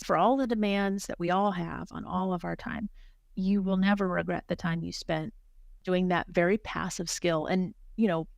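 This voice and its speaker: A woman with a somewhat low voice talks quickly and earnestly as a guest on a podcast. She often restarts and repeats words as she goes. The sound is dry and close, with almost no room echo. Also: vocal fry. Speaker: hospital physician executive, guest. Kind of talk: podcast interview conversation.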